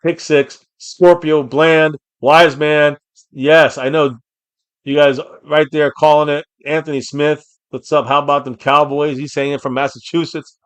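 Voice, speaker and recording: An excitable man hosting a fan reaction stream in a slightly high voice. He calls the action and reads out viewer names, then bursts into shouting on big plays. The sound is dry and close. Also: unhurried, clean tone, dry recording. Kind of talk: live game reaction and chat reading.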